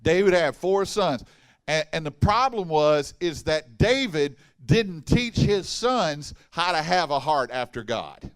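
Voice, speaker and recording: A man preaching a sermon in a church, folksy and animated, mixing humor and asides with the congregation. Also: fairly high pitch, slow pace, clear, resonant tone. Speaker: pastor. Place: church hall.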